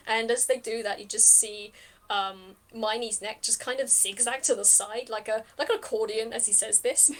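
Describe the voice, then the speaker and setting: A woman game master narrating a tabletop game in a fairly high voice. She talks in a lively, chatty way, with fillers and quick laughs.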